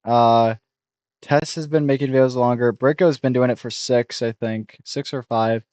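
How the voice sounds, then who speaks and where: A young man in his twenties rambles through a casual reaction stream, blunt and critical, often restarting sentences. His voice sits in a middle pitch. It is recorded dry and close, with no room sound. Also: steady tone, normal speed, darkish tone, dry recording. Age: 20s. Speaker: streamer reacting to a review video.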